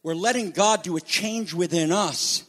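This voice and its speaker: A man preaching a sermon as pastor, emphatic, swinging between loud declarations and quiet asides. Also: sits high, moderate pace. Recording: long reverb of a large hall.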